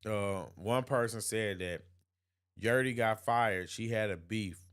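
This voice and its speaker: A man's voice: on the low side, slow, fairly bright tone, clear, resonant tone. A man hosting an opinion livestream, reading chat comments aloud and answering them emphatically, often repeating himself and laughing. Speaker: host.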